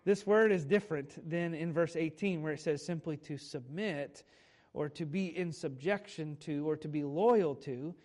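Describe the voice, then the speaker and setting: A man in his thirties preaching a sermon in a conversational way, with dramatic pauses and frequent self-corrections. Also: a little high, a little mellow. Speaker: pastor.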